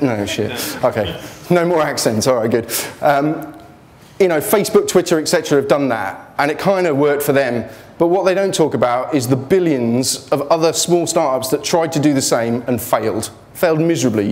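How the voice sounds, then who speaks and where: A man's voice: a little high, lively intonation, moderate pace, darkish tone. A man giving an informal motivational talk about his business failures, blunt and joking, speaking in a students' union hall.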